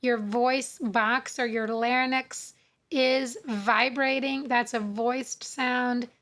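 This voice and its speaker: A woman teaching English spelling, sounding out words slowly and repeating each rule. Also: on the high side, steady tone, fairly bright tone. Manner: slow, deliberate, sounding out words and repeating rules. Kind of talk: phonics lesson.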